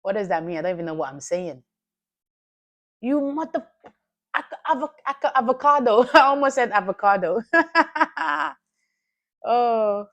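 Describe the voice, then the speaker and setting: Woman, stream host, casual chatty delivery, teasing and quick to laugh. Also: on the high side, animated, a bit bright, dull audio. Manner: laughs often, playful and teasing with chat. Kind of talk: casual live-stream chat.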